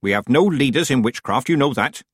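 A man voicing a stern, sharp old woman witch with a dry, firm and clipped manner. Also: mid-range voice, animated, fairly quick, husky, dry recording, pitched above the performer's own voice. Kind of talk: audiobook character voice.

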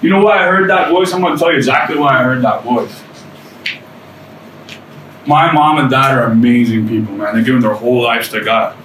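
A man's voice: mid-range voice, brisk, pauses often, a bit bright. A man sharing his testimony with a small group, preaching in an earnest, conversational way with casual asides. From United States. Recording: roomy, distant mic, faint room noise.

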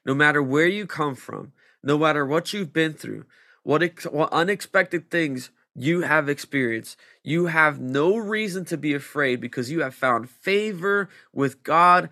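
A man preaching a sermon, reading scripture and pressing his points with slow, emphatic delivery that climbs in intensity. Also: fairly high pitch, expressive, sharp tone, no echo, studio quality. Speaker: pastor.

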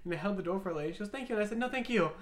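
A woman's voice: medium pitch, very fast, a little mellow. A young woman from the American South co-hosting a casual chat, laughing often as she tells anecdotes. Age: young adult. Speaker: podcast co-host.

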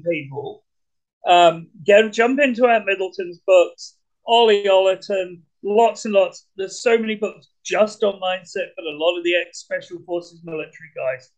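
A man with a British accent, talking as a podcast guest in an energetic, blunt way, swearing casually. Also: high voice, moderate pace, poor audio. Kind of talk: casual conversation.

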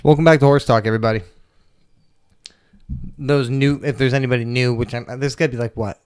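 A man's voice: medium pitch, fairly even intonation, a little fast, clear, resonant tone. A young man hosting his own podcast, telling loose, profane, jokey stories in a casual rambling monologue. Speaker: podcast host.

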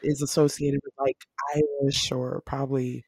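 A young woman with a notably low-pitched voice. She chats casually, rambling as she thinks aloud and correcting herself mid-sentence. The sound is dry and close. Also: little pitch movement, moderate pace, a little mellow, breathy edge, no echo. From United States. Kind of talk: casual chat.

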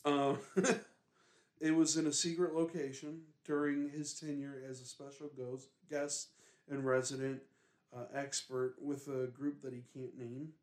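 A man's voice: medium pitch, flat delivery, unhurried, a little mellow. A young man co-hosting a podcast in casual chat, rambling along with lots of ums and uhs in a laid-back way. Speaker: podcast co-host. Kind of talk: casual chat about ghost recordings.

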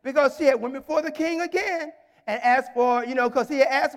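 A male minister preaching a sermon, retelling a Bible story with emphatic, animated delivery and shouted exhortations. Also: very high-pitched, a little fast, long reverb tail.

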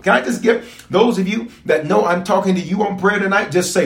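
A man's voice: high voice, fast talker, hardly any pauses. A man preaching as a bishop at a prayer service, emphatic and repetitive, calling out to his congregation. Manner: emphatic, repeats phrases, calls to congregation. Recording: echoey room.

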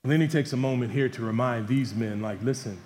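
Male pastor preaching in a reverberant hall. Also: quick pace. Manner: animated preaching, voices the disciples and Jesus with shifts in pitch and loudness. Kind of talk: sermon. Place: church hall. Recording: church hall with long reverb, faint background noise.

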